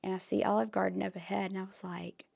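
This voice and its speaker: A woman with a hoarse voice, co-hosting a podcast and telling a story in animated casual chat with whispered asides. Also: mid-range voice, quick pace. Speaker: podcast co-host.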